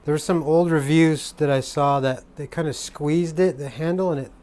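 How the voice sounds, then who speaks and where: A man's voice: fairly high pitch, fairly even intonation, moderate pace, a little mellow. A man from the United States chatting casually to camera as a travel vlogger, rambling and playful with lots of ums and restarts. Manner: rambling and playful, with many fillers. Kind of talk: casual vlog chat.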